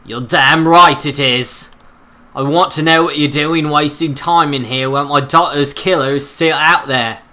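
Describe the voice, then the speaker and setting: A man's voice: on the high side, fairly even intonation, unhurried, sharp tone. A man voicing an angry, grieving older father in a video game, indignant and blustering.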